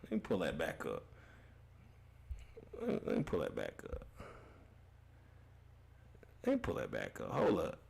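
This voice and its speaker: A man's voice: a bass voice, huge pitch swings, measured pace, creaky, pauses often, a little mellow. Laughing, profane young man streaming. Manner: loose, profane and laughing, repeats himself. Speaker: gaming livestream host. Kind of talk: casual livestream chat reading comments.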